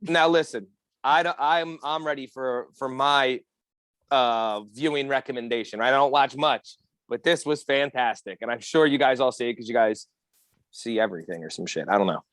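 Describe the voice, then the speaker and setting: A man's voice: medium pitch, normal speed, no echo. A man on a podcast telling a story in casual, profane chat, acting out the people he quotes. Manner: animated storyteller, acts out quotes. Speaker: podcast co-host.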